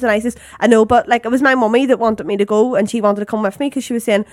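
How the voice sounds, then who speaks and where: A woman's voice: on the high side, steady tone, fast, hardly any pauses, dry recording, clean studio sound. A young woman with a Northern Irish accent, co-hosting a podcast in casual chat and telling stories packed with "like". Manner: chatty storytelling, full of "like". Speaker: podcast co-host.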